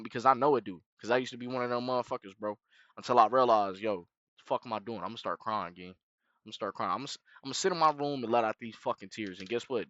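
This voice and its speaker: A man's voice: mid-range voice, a bit bright, dry recording, dull audio. A young man streaming a reaction, giving blunt, emphatic, profane commentary and tacking "bro" onto his lines. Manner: emphatic, preachy, repeats "bro" and "gang".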